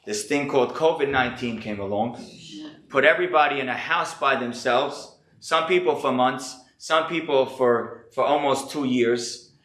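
Sick-voiced rabbi lecturing in an echoey room. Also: male voice, medium pitch, fairly bright tone. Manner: earnest, reflective, thinking aloud. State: sick, slightly hoarse. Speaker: rabbi teaching a class. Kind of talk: earnest lecture.

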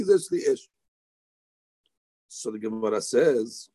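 Male Talmud teacher, gravelly and husky, lively swinging pitch, dry close sound. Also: no echo. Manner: animated, excitable, mixes Hebrew terms into English. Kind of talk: Talmud study session.

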